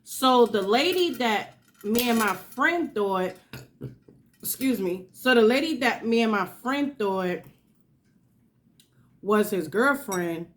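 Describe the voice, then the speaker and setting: Slow-talking woman. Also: on the high side, expressive, a little hiss or hum. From New York. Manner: chatty, drawn-out storytelling with asides. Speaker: channel host. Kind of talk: casual storytime while eating.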